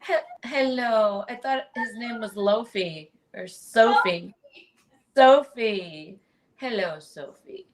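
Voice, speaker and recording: A woman putting on a prim alter ego with an odd accent. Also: fairly high pitch. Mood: prim, sociable. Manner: slow, formal self-introduction like a personal ad.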